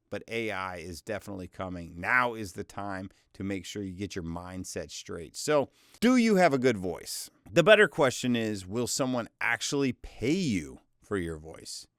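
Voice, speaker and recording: A man's voice: medium pitch, dry recording, studio quality. A man from the United States coaching beginners on voiceover work, walking through steps in an upbeat, emphatic way. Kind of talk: instructional walkthrough.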